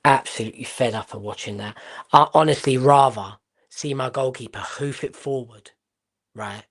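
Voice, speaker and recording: A man from Portugal who speaks streams a live football watchalong. His voice sits at an ordinary middle pitch. He is blunt and excitable, firing off sudden exclamations and the odd swear word. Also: moderate pace. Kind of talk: live match watchalong commentary.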